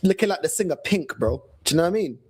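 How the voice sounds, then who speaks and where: Lively, high-pitched London man ranting. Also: quick pace, slightly rough. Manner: animated, slangy, mocking. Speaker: fan channel host. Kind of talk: casual rant.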